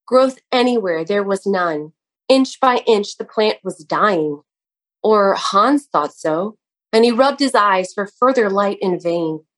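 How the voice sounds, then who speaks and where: Woman narrating a storybook. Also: mid-range voice. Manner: measured, expressive reading with small slips. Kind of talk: audiobook narration.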